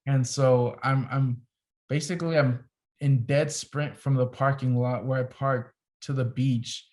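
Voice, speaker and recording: A young adult man, a photographer appearing as a podcast guest, tells a story casually and animatedly, peppering it with "like." His voice is medium in pitch and his pace measured.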